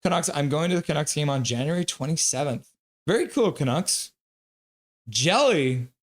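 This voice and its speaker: This live-stream hockey caller's voice is a little high and expressive, moving at a moderate pace. He's chatty while calling the play-by-play, reading out chat and laughing along frequently.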